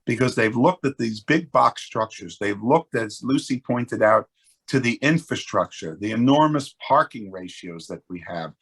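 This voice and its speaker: Male real estate exec, webinar guest; raspy, gravelly delivery, earnest and full of restarts. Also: mid-range voice, animated, normal speed, a bit bright. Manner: earnest, explanatory, many restarts. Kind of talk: webinar panel discussion.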